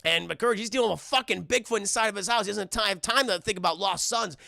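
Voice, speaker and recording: A man recaps a cartoon for his chat in a casual, rambling, profane way. His voice is high, very gravelly and bright, and the sound is dry and close. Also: fast, no echo. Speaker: streamer reviewing cartoons.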